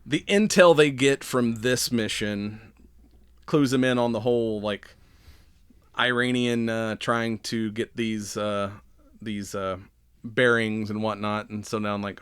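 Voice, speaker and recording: A man's voice: lowish voice, level tone, measured pace, a bit bright, clear, resonant tone, dry recording. A man co-hosting a podcast, recapping a show in a rambling, laid-back way with frequent laughs. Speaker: podcast co-host. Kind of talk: casual chat.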